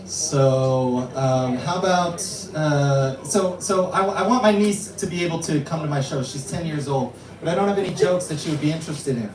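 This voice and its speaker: A young man from New York doing a stand-up set at an open mic, deadpan and self-mocking. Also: on the high side, normal speed, hardly any pauses. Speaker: stand-up comedian. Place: small comedy club, live audience. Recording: echoey room, distant mic, loud crowd.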